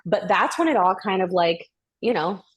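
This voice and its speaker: A woman voice actor chatting candidly as a podcast guest, animated and acting out the dialogue she retells. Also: medium pitch, moderate pace, husky. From United States. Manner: candid, animated storyteller who acts out quoted dialogue. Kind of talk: casual chat.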